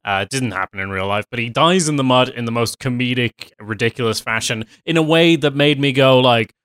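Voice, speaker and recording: A man's voice: mid-range voice, brisk, fairly bright tone, clear, resonant tone, dry recording. Wry sarcastic man, dry sound. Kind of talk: casual podcast film discussion.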